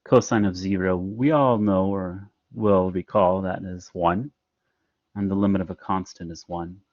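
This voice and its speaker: Deep-voiced man teaching online. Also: fairly even intonation, unhurried, a little mellow, dry recording, lo-fi sound. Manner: patient, step-by-step explaining with frequent fillers. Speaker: math instructor. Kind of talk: online lecture.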